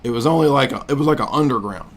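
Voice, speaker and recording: A man's voice: mid-range voice, very fast. A man in his forties hosting a livestream, casually mocking what he watches in a rambling, joking way. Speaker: livestream host.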